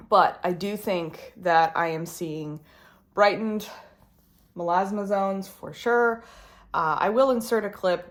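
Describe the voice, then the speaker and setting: Chatty woman in her late thirties, low-ish voice. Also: a bit bright. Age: late 30s. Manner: chatty, loose, full of "like" and "um". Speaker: beauty vlogger. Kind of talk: casual vlog chat to camera.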